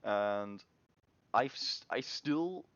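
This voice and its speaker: Young guy, low-ish voice, lots of um and restarts, dry muffled mic. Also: animated, a bit bright, no room sound. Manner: halting, many restarts and fillers. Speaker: indie game developer. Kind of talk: casual devlog chat.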